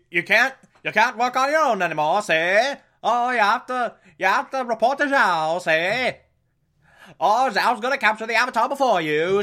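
A man doing a pushy cartoon soldier messenger in a put-on accent, pitched well above a normal speaking voice and bright in tone. He keeps needling and tacks a nagging "see?" onto his lines. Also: heavily acted.

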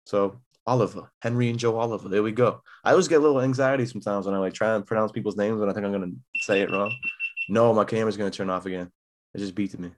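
A man's voice: fairly low pitch, rapid-fire, a little hiss or hum. A man hosting a casual podcast, easygoing and joking, with plenty of slang. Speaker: podcast host. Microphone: camera mic.

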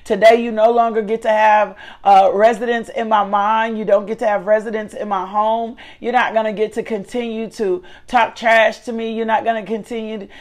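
A woman's voice: on the high side, level tone, moderate pace, hardly any pauses, a little mellow. A middle-aged woman hosting a faith talk show, preaching with fervent, emphatic repetition. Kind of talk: preaching, motivational devotional talk. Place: her living room.

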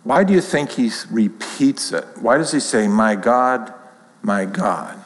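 Man, Bible class teacher, slow deliberate pace, reads verses with rising emphasis, echoey room with long reverb. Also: medium pitch, expressive.

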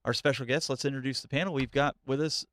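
A man's voice: medium pitch, steady tone, fast, a bit bright, no echo. A man hosting a podcast, introducing the panel in a casual, upbeat way. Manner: upbeat, laughs easily. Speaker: host.

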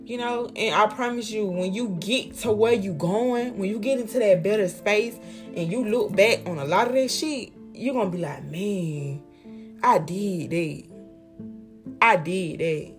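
A woman's voice: medium pitch, moderate pace, soft background music. A young woman giving life advice in a casual motivational monologue, heartfelt and emphatic, repeating lines for effect, with slangy, profane talk.

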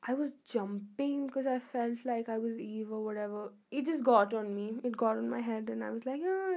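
Chatty young woman, higher voice. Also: darkish tone, dull audio. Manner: chatty, rambling, effusive. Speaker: vlogger. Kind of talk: casual chat to camera.

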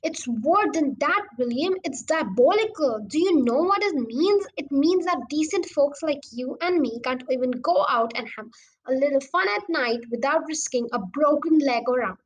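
A woman voicing an elderly male country doctor who is fiery and mischievous, in a storybook reading with lively emphasis. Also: high voice, moderate pace, slight background noise, poor audio. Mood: outraged.

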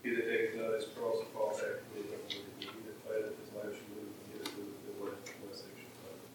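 A man reads scripture aloud from across the room, quick and level with little rise or fall. His voice sits low and arrives distant and very echoey, with clear room noise behind it. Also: monotone. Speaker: class member reading scripture.

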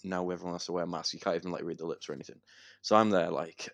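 A young man with a very low, deep voice tells an animated story on a casual podcast. His delivery is full of swearing and laughter. The sound is dry and close to the mic. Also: very fast, creaky, no room sound. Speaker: podcast co-host.

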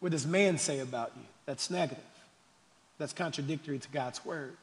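A male pastor preaching a sermon, calling the congregation y'all and swinging between quiet questions and shouted declarations. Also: a little high, moderate pace. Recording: long hall reverb.

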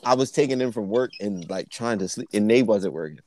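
A man's voice: lowish voice, a little fast, darkish tone. A young man co-hosting a podcast, telling a long story in loose, profane casual chat full of "like" and "yo". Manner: rambling, profane, fillers of "like" and "yo". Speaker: podcast co-host.

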